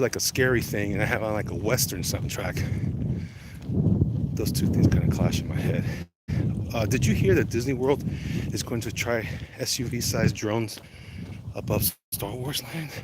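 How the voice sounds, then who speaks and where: Man, middle pitch, casual rambling walk-and-talk streamer answering chat; clear traffic noise behind. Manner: rambling, chatty, reads out viewer comments. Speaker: vlogger answering live chat. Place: outdoors walking in the cold.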